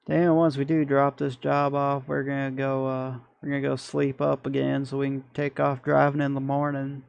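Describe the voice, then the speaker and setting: A man's voice: mid-range voice, completely flat delivery, moderate pace, vocal fry, smooth, dry recording, muffled recording, close to an everyday voice. A man voicing a folksy good old boy trucker with a heavy put-on Southern drawl. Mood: folksy, hearty.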